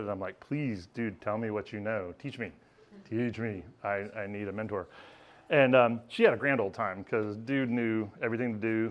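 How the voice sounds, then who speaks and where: A man telling a candid, self-mocking personal story on stage at a live storytelling event, laughing as he goes. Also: mid-range voice.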